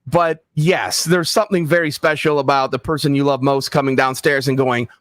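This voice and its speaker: A man's voice: medium pitch, normal speed, no echo. A man, an author and guest, telling stories in casual interview chat and acting out the voices of people he quotes. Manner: animated storyteller, acts out quoted voices. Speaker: author and book site founder, guest.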